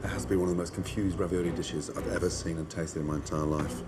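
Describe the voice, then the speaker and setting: A man's voice: low voice, steady tone, fast, over loud music. A man, a celebrity chef in a reality TV clip, speaking bluntly and expressively.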